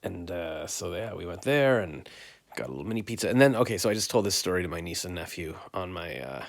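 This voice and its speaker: A middle-aged man with a low, creaky, sing-song voice talks fast as he rambles through a recap of his day. Filming on his phone while tidying his bedroom, he keeps this vlog chatty and self-mocking.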